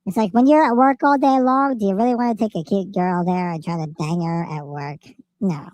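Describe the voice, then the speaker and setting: A man hosting a livestream, talking in a casual, joking way through a helium pitch-up voice effect. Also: fairly even intonation, brisk, a little mellow, no echo. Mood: goofy. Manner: joking, chatty. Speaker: livestream host. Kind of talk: casual chat.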